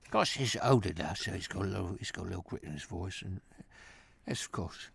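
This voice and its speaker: A man's voice: low voice, expressive, fairly quick, gravelly, fairly bright tone, slightly rough, voice pushed down, full character voice. A man imitating a gritty old Londoner. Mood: laid-back. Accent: London Cockney. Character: aging working-class London man, gritty.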